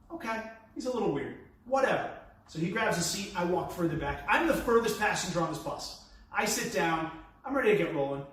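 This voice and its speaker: A lively, high-voiced man with a New York accent tells a stand-up story and throws himself into every quoted line. His voice rings around a very echoey room, picked up from a distance. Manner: animated, acts out quotes with big pitch swings. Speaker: comedian. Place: live stand-up venue.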